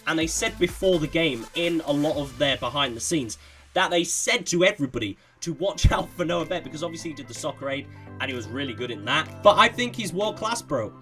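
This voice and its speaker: A man's voice: a little high, a bit bright. Young man, slangy player ratings. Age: 20s. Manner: slangy and opinionated, lots of "bro". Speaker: gaming YouTuber rating players. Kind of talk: casual rating commentary.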